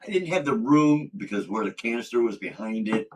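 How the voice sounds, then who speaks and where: A man's voice: on the low side, lively intonation, a little fast, darkish tone. A man in a casual livestream chat, laid-back and rambling, with lots of fillers. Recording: from a distance with faint background noise.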